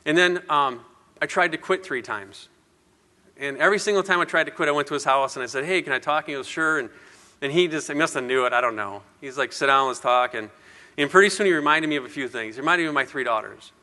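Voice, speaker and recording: A man's voice: fairly high pitch, fast, bright, forceful tone, big-room sound. A man in his fifties giving a personal, self-deprecating speech to an audience, rambling and laughing often. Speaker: speaker at an industry event.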